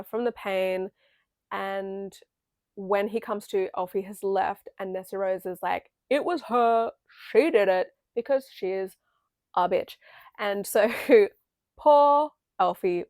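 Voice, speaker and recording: Chatty young woman with vocal fry. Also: medium pitch, a little mellow, no echo. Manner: chatty, full of "like" and "um", swears casually. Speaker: video essay creator. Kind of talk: casual film analysis.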